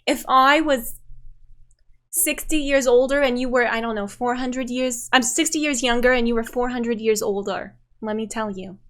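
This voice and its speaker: A woman's voice: a little high, moderate pace, a bit bright, close to an everyday voice. A woman voicing a doting, bawdy old grandmother who gushes teasing compliments. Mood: flirty.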